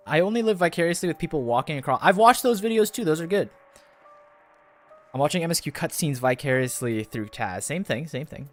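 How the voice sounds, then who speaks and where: A man's voice: on the high side, expressive, moderate pace, pauses often, soft background music. A man streaming a game for the first time, chatting casually and rambling with a self-deprecating humor. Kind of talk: casual commentary while gaming.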